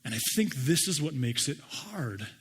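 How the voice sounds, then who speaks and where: A middle-aged man preaching a sermon and telling personal stories with animated, self-deprecating humor. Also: medium pitch, normal speed, husky. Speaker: pastor.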